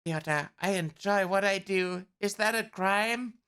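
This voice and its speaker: A woman's voice: medium pitch, a little slow, fairly bright tone, smooth, lightly acted. A woman voicing a hot-tempered middle-aged male actor, reading a film script aloud in her own voice. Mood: threatening. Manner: plain read-aloud delivery.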